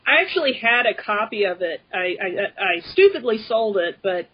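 A woman's voice: mid-range voice, big pitch swings, moderate pace, slightly rough. A woman co-hosting a podcast, talking casually with many fillers. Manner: chatty, lots of fillers. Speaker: podcast co-host. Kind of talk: casual chat. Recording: lo-fi dull audio.

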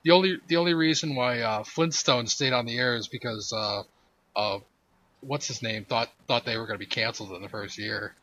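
A man's voice: medium pitch, fairly quick, bright, forceful tone. A man co-hosting a podcast in casual chat, talking earnestly and fumbling for names with fillers. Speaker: podcast co-host. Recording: dull lo-fi mic with faint noise.

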